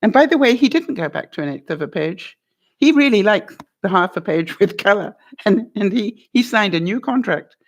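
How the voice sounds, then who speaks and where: An older woman vlogger tells a story from her working life in a relaxed, chatty way, acting out the call and quoting both sides. Her voice sits at an ordinary middle pitch. She speaks as if talking straight to her viewers. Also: moderate pace. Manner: animated anecdote-telling, quotes both sides of a phone call, laughs often. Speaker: vlogger giving life advice.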